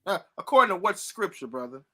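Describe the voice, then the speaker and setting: Sharp, high-voiced, confrontational man. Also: very animated, quick pace. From St. Louis, USA. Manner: confrontational, repeats himself, laughs at opponent. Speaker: podcast host. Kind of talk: heated religious debate.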